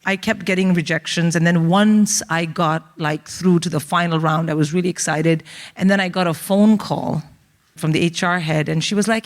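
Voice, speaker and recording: A woman's voice: on the low side, moderate pace. A woman in her forties from India with an Indian accent, co-hosting a comedy show and telling family stories on a theatre stage, acting out relatives in voices. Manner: animated, acts out family members in voices. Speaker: comedian co-host. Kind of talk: stand-up storytelling to a live audience. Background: audience laughter.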